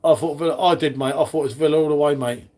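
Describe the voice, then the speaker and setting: A man's voice: on the high side, fairly even intonation, racing, a little mellow. A man hosting a casual live stream, chatting with viewers in the chat by name. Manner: chatty, matey, talks to chat readers by name.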